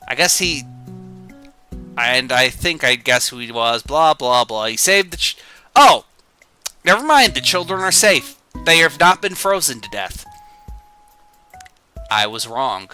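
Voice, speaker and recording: A man's voice: medium pitch, expressive, unhurried, long pauses, bright, forceful tone, soft background music. A man streaming a casual read-through of old comics, with sarcastic, joking asides and swearing.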